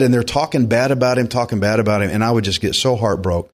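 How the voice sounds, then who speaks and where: A man's voice: mid-range voice, fairly even intonation, fast talker, hardly any pauses. A man preaching a verse-by-verse sermon, earnest and emphatic, often restarting his sentences as he presses a point. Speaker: pastor.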